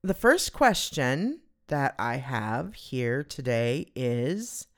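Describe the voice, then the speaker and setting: A woman's voice: a bass voice, big pitch swings, drawn-out words. A woman hosting her own podcast, chatting casually on her own in a rambling, self-deprecating, giggly way. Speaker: podcast host. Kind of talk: casual solo podcast chat.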